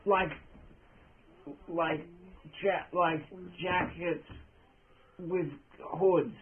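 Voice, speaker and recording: Rambling drunk mouse voiced by a man, high and swooping, slow and muddled, tinny call audio. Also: fairly even intonation. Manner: rambling, trailing off, loses track mid-sentence. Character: drunk, rambling mouse informant, battered and confused.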